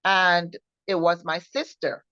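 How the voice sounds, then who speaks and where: A woman sharing her personal testimony in an earnest, halting way, often repeating herself and restarting. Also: lowish voice, level tone, sharp tone, dry recording. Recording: dull lo-fi recording.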